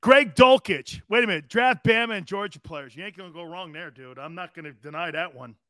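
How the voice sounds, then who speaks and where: A man's voice: high voice, a little fast, fairly bright tone, dry recording, clean studio sound. A man in his fifties hosting a live sports talk show, brash and profane, mocking players as he talks.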